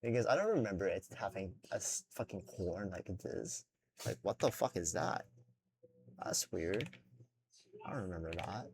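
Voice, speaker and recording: Low-pitched and expressive at a moderate pace, a young drawing vlogger rambles through unscripted chat as he draws, heavy on fillers and swearing and slightly self-conscious. The background is noisy.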